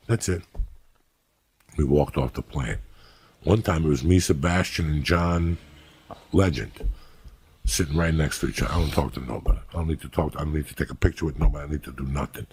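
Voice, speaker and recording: A man's voice: very deep voice, brisk, pauses often, husky. A middle-aged man telling blunt, profane stories in casual podcast chat, acting out what he said. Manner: profane, blunt and animated, acting out his own quotes. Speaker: storyteller on a podcast.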